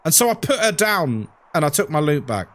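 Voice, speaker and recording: A man streaming a game and chatting casually, telling rambling, animated stories and repeating himself a lot. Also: on the high side, a little fast.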